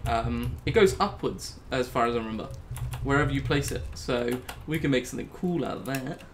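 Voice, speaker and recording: A gaming YouTuber offers casual, joking commentary as he plays, talking himself through the game and letting out high squeals whenever something startles him. He speaks briskly, with some background noise.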